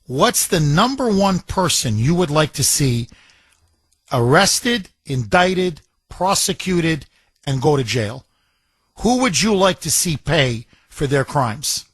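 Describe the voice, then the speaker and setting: A male talk radio host with a notably high voice talks in an excitable, rambling way, stressing words hard as he takes calls. His voice is close and dry, with no room sound around it. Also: slow, husky, no echo. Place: radio studio. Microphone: studio microphone.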